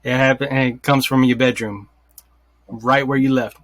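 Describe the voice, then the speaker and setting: A man with a bright, forceful voice hosts a casual gaming podcast among friends. He lays out a creepy what-if scenario, playing out each reaction in quoted lines. His voice is dry and close, with almost no room sound. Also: mid-range voice, steady tone, moderate pace, dry recording. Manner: storytelling, acts out quoted reactions. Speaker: podcast host. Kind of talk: casual podcast chat, telling a hypothetical.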